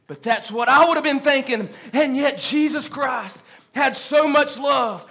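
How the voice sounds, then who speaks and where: A man preaching a fervent sermon in a church, rising to shouts and drawing out quoted lines. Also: extremely high pitch, moderate pace. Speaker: pastor.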